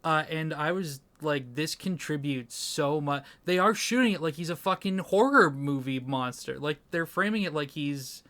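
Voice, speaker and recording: A man chatting on a casual film podcast, his voice sitting a little high for a man. He talks with eager enthusiasm, swears offhandedly and often leaves sentences hanging as he hunts for the word. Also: moderate pace, hardly any pauses, fairly bright tone. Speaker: podcast co-host. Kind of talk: casual movie review chat.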